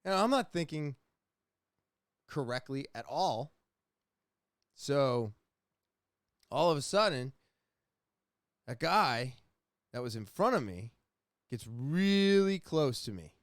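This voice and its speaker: A young adult man hosting a podcast, casually telling a rambling, profane story with animated retellings. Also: mid-range voice, slow pace, long pauses, no room sound, studio quality. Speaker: podcast host.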